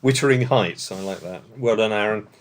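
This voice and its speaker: A man's voice: on the low side, moderate pace. An English man hosting an online quiz night over a video call, reading questions and bantering playfully with players. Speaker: quizmaster.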